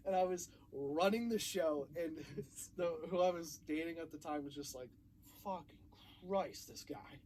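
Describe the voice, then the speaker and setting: A young man spins a lively story in a casual chat, jumping into the voices he quotes. His voice sits a bit high, and a faint hum runs under it. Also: moderate pace, few pauses. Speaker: podcast co-host.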